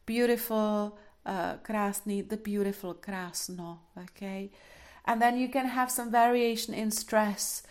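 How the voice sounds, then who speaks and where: A woman's voice: medium pitch, fairly even intonation, unhurried, a little mellow, smooth. A woman giving a classroom lecture, explaining step by step with many fillers and a frequent checking "okay?". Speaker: linguistics lecturer.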